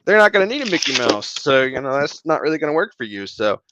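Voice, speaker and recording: A man's voice: fairly high pitch, very animated, fast, highs cut off, background noise. A man being interviewed about his voice acting work, talking in a joking, laid-back way and saying "you know" often. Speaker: guest voice actor. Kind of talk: casual interview chat.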